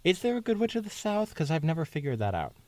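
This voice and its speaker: A man's voice: on the high side, huge pitch swings, fast, a little mellow, no room sound. A man co-hosting a podcast, reading a fan story aloud and joking around in casual chat. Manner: playful, jokey asides. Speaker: podcast co-host and reader. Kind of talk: casual chat and fanfic narration. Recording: dry, distant mic.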